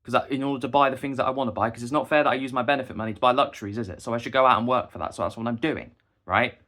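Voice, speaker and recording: Fast-talking, fired-up man ranting. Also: mid-range voice, fairly even intonation, fairly bright tone. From England. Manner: heated, indignant, emphatic. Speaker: busker and vlogger. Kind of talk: ranting monologue to camera.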